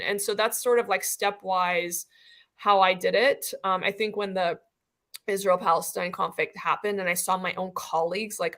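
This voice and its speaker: A middle-aged woman from Iran speaks as a physician guest on a panel, her voice bright and forward. She tells her stories animatedly, sprinkling her talk with "like" and casual asides. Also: fairly low pitch. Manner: animated storytelling, many "like" fillers.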